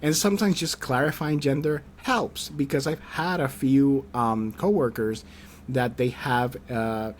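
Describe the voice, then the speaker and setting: A man's voice: mid-range voice, measured pace, a little hiss or hum. A man hosting a casual interview podcast, telling stories with energy and swearing candidly now and then. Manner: animated storyteller, acts out quoted people in a raised voice. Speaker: podcast host interviewing a creator.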